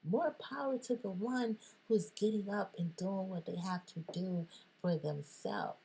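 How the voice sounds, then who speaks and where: A woman talking playfully in a motivational monologue, animated, jumping between whispers and sudden squeals. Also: medium pitch, unhurried, gravelly, husky. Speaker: motivational vlogger.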